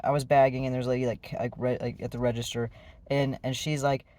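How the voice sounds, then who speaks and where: A man's voice: mid-range voice, little pitch movement, quick pace, dark tone. A man telling a personal story in a casual, rambling way, with many fillers and restarts. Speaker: vlogger.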